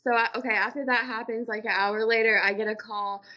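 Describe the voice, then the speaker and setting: A woman's voice: on the high side, steady tone, brisk, pushed and bright. Profane, heated young woman telling a story. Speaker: podcast co-host. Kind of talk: casual podcast chat.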